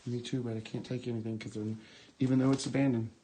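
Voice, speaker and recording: A man exploring an abandoned medical building and talking live to viewers on his phone, musing in a hushed, awed way as he reads book titles aloud. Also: medium pitch, flat delivery, quick pace, slight background noise, rough recording. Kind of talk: rambling live-stream chat.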